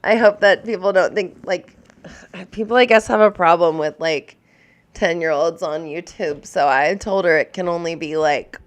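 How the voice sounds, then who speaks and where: A woman's voice: on the low side, moderate pace. A woman in her thirties chatting casually on a live stream, rambling and openly emotional, with lots of filler words. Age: 30s. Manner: warm and openly emotional toward viewers. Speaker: live streamer answering viewer questions.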